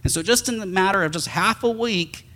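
Male pastor, animated storyteller, fairly high voice, recorded in an echoey hall. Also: a little fast. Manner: animated storyteller acting out sounds. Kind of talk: storytelling sermon.

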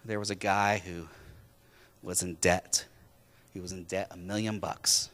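A man's voice: low voice, flat delivery, a little slow, a bit bright. A man preaching a sermon, retelling a story in a casual, conversational way. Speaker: pastor.

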